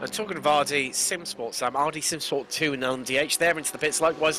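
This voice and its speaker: A man's voice: on the high side, fast talker, hardly any pauses, background noise. A man co-commentating on a sim race, chatty and jokey in friendly back-and-forth with his partner.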